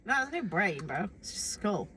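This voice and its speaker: A woman's voice: medium pitch, big pitch swings, moderate pace, sharp tone, slight background noise. A young woman from Britain co-hosting a casual podcast chat, blunt, teasing and dramatic. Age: young adult. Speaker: podcast co-host.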